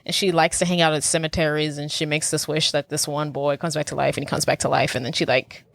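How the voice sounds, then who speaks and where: A woman co-hosting a podcast in casual chat, easygoing and quick to laugh, telling stories in loose run-on sentences. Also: low-pitched, flat delivery, vocal fry. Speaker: podcast co-host.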